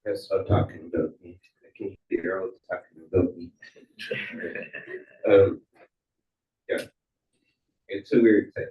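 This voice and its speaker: A man's voice: deep voice, steady tone, measured pace, pauses often. A man speaking at a memorial for a friend, hesitant with many fillers. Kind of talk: casual personal tribute. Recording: echoey, distant, muffled video call.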